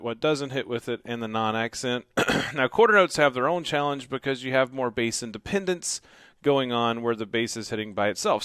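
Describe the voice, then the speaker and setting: In a drum studio, a man teaching drums plays and loudly calls out the bass, snare, and crash hits, counting aloud as he demonstrates beats, then explains in a quieter, relaxed, casual voice. The drum kit plays loudly over his voice, and there's no room sound.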